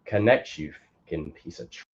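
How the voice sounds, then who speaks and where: A young man live-streaming, reacting to film clips with animated, profane commentary and sudden loud outbursts. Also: very deep voice, moderate pace, breathy edge, muffled recording.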